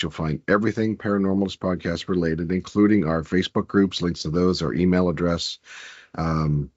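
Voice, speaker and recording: Congested nasal man, very deep. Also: husky, no echo, dull audio. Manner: halting, filler-heavy show intro. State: congested, under the weather. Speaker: podcast co-host. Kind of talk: casual podcast chat.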